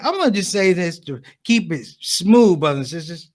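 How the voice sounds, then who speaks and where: A man doing a stand-up comedy set on a conference stage, telling stories and acting out the people in them with quick shifts in voice. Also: high-pitched. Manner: animated storytelling, acts out characters with quick shifts in voice.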